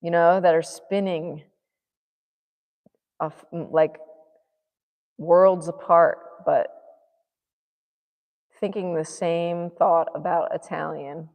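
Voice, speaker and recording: A woman painter thinks aloud while she works, mumbling little notes and nudges to herself. Her voice sits low and has a gravelly fry. She talks at an unhurried pace, and the sound trails off in a long, ringing reverb. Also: fairly even intonation, a little mellow. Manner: muttering to herself, musing and self-encouraging. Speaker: artist vlogger.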